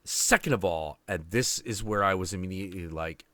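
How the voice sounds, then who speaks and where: A podcast host in his late twenties tells a story in casual chat, ranting, swearing a lot, and sounding confrontational. His voice is low and a bit bright, his pace brisk, and the recording dry.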